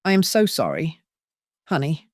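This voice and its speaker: Narrator doing a patronizing scheming husband. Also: male voice, fairly high pitch, wildly swooping pitch, measured pace, dry recording, clean studio sound. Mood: cloying. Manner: soothing, urgent, condescending. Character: manipulative middle-aged husband, cloying and patronizing.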